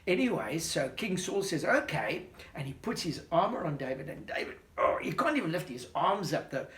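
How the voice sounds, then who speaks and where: Man, children's Bible storyteller, lively and questioning, slightly high voice, echoey room. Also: a little fast. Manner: animated, questioning, talks to a listener. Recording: roomy echo.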